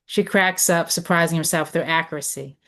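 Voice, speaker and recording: A woman reading a screenplay's stage directions in a measured, descriptive way. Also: deep voice, a bit bright. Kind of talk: script read of stage directions.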